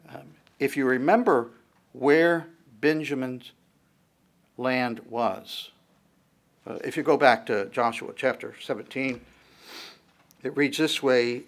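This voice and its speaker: A man preaching a sermon, reading verses aloud and explaining them in a conversational, searching way, his voice rising on the quoted lines. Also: mid-range voice. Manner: reads verses aloud then comments in a conversational tone, with restarts.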